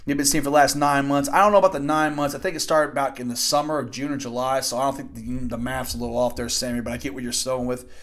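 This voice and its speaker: A man in his twenties hosting a podcast, casually recapping wrestling in a rambling, excitable way with some swearing. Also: mid-range voice, fast talker, few pauses. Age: 20s. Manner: rambling, excitable, profane storytelling. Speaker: podcast host.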